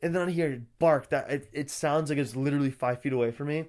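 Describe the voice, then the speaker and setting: Young male podcast co-host, a bit high-voiced, lively and foul-mouthed while telling stories. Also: fast talker. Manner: animated, swears a lot, acts out quotes. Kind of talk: casual storytelling chat.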